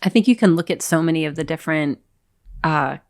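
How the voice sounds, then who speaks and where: A woman with a low voice talks casually on a faith podcast. She is animated and acts out quoted dialogue as she retells scenes. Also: brisk, vocal fry. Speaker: podcast co-host.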